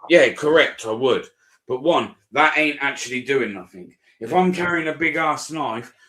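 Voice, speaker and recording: A British man telling a story in casual live chat, animated and swearing a lot as he recounts it. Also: medium pitch. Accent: British English. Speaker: auditor streamer. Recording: roomy echo.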